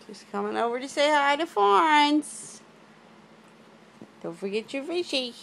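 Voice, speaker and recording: A woman at home using coaxing, sing-song baby talk with a toddler and the family cats, gasping with excitement now and then. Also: high-pitched, a little slow, creaky, slight background noise. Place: home, indoors.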